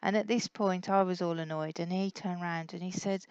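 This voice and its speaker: A woman's voice: on the low side, fairly even intonation, normal speed, a little mellow, smooth, dry recording, lo-fi sound. A middle-aged woman talking casually to her family in a rambling, candid way, often correcting herself. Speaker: blogger addressing her family. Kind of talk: casual personal talk.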